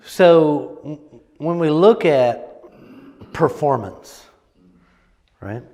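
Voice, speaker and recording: A man with a fairly high, expressive voice coaches a group on presenting, drawing out his words in a slightly mellow tone with a long reverb tail. His teaching is casual and emphatic, full of repeated words and frequent "right?" check-ins.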